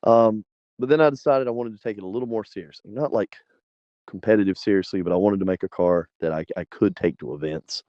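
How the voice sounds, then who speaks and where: A man's voice: on the low side, fast talker, no room sound. A man in his forties from South Carolina, a guest telling a story in a casual, laughing way and acting out the people in it. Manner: animated, laughing, acts out others in the story. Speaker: interview guest. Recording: dry, slightly dull lo-fi sound.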